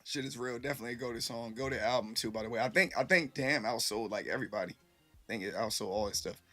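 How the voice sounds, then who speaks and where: Tipsy guy rambling to his stream chat, cussing a lot, regular pitch, little bit of music behind him. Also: fast, bright, forceful tone. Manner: loose, rambling, swears freely. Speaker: live streamer. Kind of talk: casual live-stream chat.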